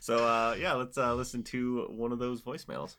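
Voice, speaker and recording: A man's voice: medium pitch, little pitch movement, moderate pace, sharp tone. A man co-hosting a podcast in casual chat, upbeat and chatty as he leads the segments. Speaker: podcast co-host.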